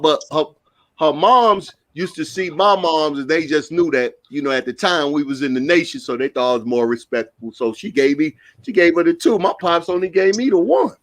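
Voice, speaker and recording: Middle-aged NY man, easygoing storyteller, voice on the higher side. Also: a bit bright. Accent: New York. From New York. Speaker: podcast co-host. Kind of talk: casual storytelling.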